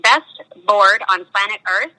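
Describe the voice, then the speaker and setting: A woman's voice: medium pitch, unhurried, sharp tone, rough recording. A middle-aged woman telling her life story as an interview guest, earnest and emphatic, often repeating words as she talks. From United States. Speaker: nonprofit founder, interview guest. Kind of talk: conversational testimony.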